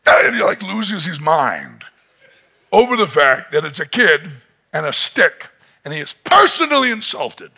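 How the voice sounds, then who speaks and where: A male pastor preaching a sermon in an animated storytelling manner, chuckling often as he tells the story. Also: a little high, a little slow, creaky, husky.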